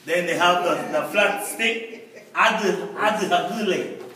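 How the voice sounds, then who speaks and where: A man from Belize, the guest teacher, explaining words slowly and repeating them for his learners in a classroom. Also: high voice, bright, forceful tone. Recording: echoey classroom, mic far off. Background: class chatter.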